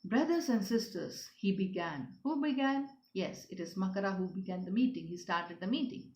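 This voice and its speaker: An English teacher with a mid-range, animated voice at moderate pace explains a story to schoolchildren. She repeats herself and keeps asking them questions, often addressing them as "children," and the sound is roomy and dull lo-fi.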